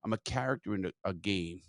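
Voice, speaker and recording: A man hosting a podcast, telling stories in a profane, animated way and quoting others as he goes. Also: low voice, fairly quick, no room sound. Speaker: podcast host. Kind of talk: casual storytelling chat.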